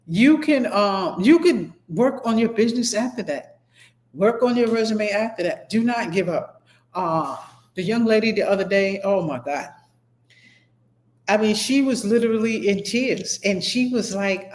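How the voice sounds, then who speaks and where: Emphatic woman teacher in an echoey room. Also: mid-range voice. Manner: emphatic, repeats herself, rambling asides. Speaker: instructor. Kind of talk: motivational classroom talk.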